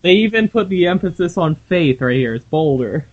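A man's voice: high voice, normal speed. Joking male podcast co-host, lo-fi sound. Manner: joking, animated, laughs often. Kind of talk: casual comic book podcast chat.

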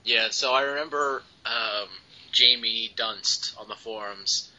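A man's voice: medium pitch, takes it slowly, bright, forceful tone. A man hosting a podcast, chatting casually and rambling with jokes. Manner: joking, rambling, laughs often. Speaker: podcast host. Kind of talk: casual chat. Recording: lo-fi podcast recording.

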